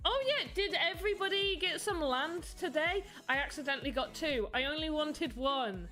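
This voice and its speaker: British woman streamer, slightly high and bright voice, rambling casual chat, faint music underneath. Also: lively intonation, moderate pace. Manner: chatty, rambling, reads and answers chat. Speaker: livestreamer making voxel art.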